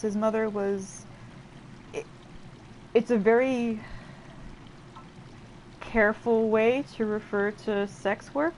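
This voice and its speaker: A woman casually talks through a game playthrough, translating lines and rambling with fillers. Her voice sits at an ordinary middle pitch. A faint hiss of noise lingers behind her. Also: rough recording. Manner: chatty, rambling, many fillers and self-interruptions; paraphrases game dialogue in quick lively asides. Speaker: let's play host translating a game. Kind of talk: casual gameplay commentary.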